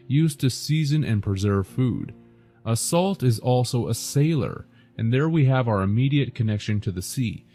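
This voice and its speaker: A man giving scripted narration in a measured, lecturing delivery. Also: mid-range voice, dark tone.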